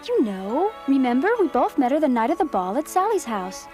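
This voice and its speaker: A very high voice for a dreamy, excitable older teenage girl in a dubbed cartoon. She gushes over good news, with faint music beneath. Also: brisk. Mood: excited.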